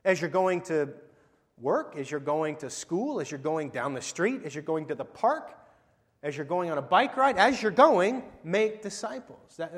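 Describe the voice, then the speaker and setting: Conversational male pastor in an echoing hall. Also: a little high. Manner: conversational preaching, rhetorical questions, animated swings in volume. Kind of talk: sermon. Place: church sanctuary. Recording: long hall reverb.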